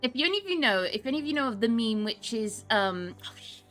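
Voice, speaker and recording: A woman streaming a video game, chatting in a giggly, animated, storytelling way. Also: fairly high pitch, a little fast. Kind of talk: casual chat while playing and reading game dialogue. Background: faint game music.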